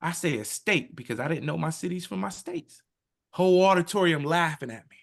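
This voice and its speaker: A man in his thirties, a podcast guest, telling his story in an animated, emphatic way and acting out quotes in his own voice. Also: a little high, a little fast, creaky. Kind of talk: emotional personal storytelling.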